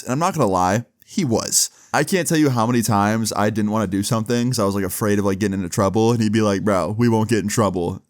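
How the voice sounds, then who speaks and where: Man with a low voice and a dry, close sound, relaxed and profane, for a storytime vlog. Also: clean tone, no room sound. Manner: laid-back, swears often, fills with 'like'. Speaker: storyteller vlogger. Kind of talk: casual storytime.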